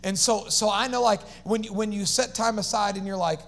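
A man with a high voice preaches an energetic sermon as the pastor. He calls on the congregation to answer and repeat after him, and breaks into casual, slangy asides. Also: moderate pace. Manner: animated preaching with call-and-response to the congregation.

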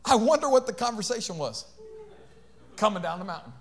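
A man preaching a sermon in church. He jokes and acts out little voices, then builds to shouted, sing-song preaching with call-outs to the congregation. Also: sits high, big pitch swings, a little fast.

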